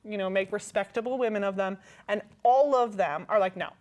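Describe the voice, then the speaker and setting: Woman, Canadian accent, co-host, casual storytelling, lively, checks in with listeners, mid-range voice. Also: medium pitch, fairly quick, highs cut off.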